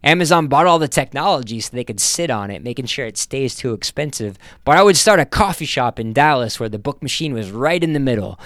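A man reading aloud, voicing a shy young woman writer who talks softly and plaintively. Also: mid-range voice, lively intonation, brisk, hardly any pauses, no room sound, clean studio sound, close to an everyday voice.

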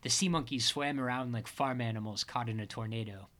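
A man reads a first-person story aloud with a wry, deadpan delivery. His voice is bright and forceful, at a middle pitch. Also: a little fast. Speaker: audiobook narrator. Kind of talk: first-person audiobook narration.

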